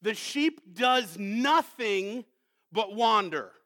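A male pastor preaching a sermon, moving from hushed questions to loud, emphatic calls and reading scripture slowly. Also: high voice, animated. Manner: slows down to read scripture with weight; asks the congregation many rhetorical questions.

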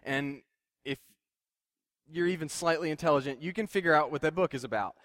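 A man's voice: on the high side, fairly quick, fairly bright tone, dry recording, studio quality. A young man preaching a conversational sermon, plain-spoken and self-deprecating, with frequent fillers and restarts. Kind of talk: casual sermon.

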